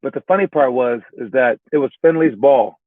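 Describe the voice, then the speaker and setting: Speaking a little fast, a man coaching young basketball players rambles through a casual pep talk, repeating himself, starting over, and checking in with "all right?" again and again. His pitch is middling, and the thin, phone-like recording has no room echo.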